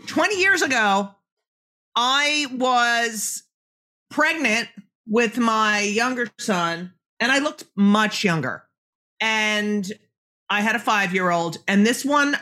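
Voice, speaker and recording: A woman's voice: a little high, takes it slowly, pushed and bright. A woman in her forties hosting a casual interview, brash and joking, swearing freely, with a phlegmy throat. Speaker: podcast host.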